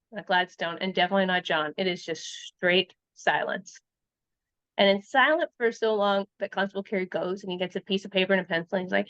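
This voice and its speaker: A woman's voice: mid-range voice, clear, resonant tone, no room sound, muffled recording. A woman guest, a researcher and writer from Canada, retelling a true crime case in casual conversation and acting out the quoted lines.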